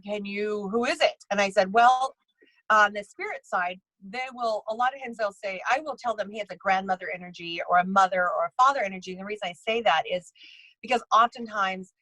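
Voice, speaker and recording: A woman's voice: mid-range voice, a little fast, bright, forceful tone, no room sound, low-quality recording. A woman who works as a psychic medium and bridal tailor, telling stories casually in an interview, rambling with many restarts and acting out other people's lines.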